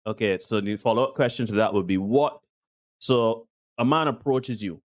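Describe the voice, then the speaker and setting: A man's voice: fairly low pitch, normal speed. A man hosting a casual podcast panel chat, asking long rambling questions with many restarts. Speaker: podcast host.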